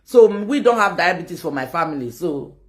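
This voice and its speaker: A Nigerian woman with a Nigerian accent, ranting to her viewers in a rambling, animated way and mixing pidgin with local-language phrases. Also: lowish voice, moderate pace, a little hiss or hum. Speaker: online video host. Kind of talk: casual rant to camera.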